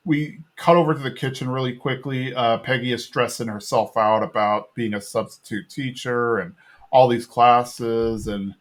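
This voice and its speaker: Recapping an episode of a cartoon on his podcast, a man retells the scenes in a relaxed way and performs the characters' parts. His voice sits in the middle range, steady in tone, and moves at a moderate pace.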